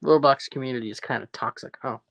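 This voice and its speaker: A man with a Newfoundland accent chats loosely on a livestream, answering viewer comments as they come in. He rambles and jokes, laughing often, with a relaxed, unscripted delivery. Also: medium pitch, quick pace, gravelly. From Newfoundland, Canada. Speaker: livestream host. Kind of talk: casual livestream chat, reading viewer comments aloud.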